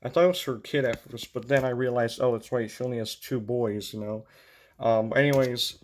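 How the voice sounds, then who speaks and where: A man's voice: mid-range voice, a little fast. Rambling man with Midwestern-Southern accent. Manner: chatty, meandering, many fillers and restarts. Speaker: racing channel host. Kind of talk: rambling casual vlog commentary. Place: home room with windows.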